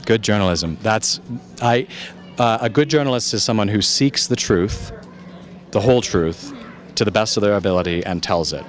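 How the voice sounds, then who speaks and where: A man from the United States, a journalist, answering audience questions after a film screening in a calm, measured, thoughtful way. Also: lowish voice. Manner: thoughtful, searching for words.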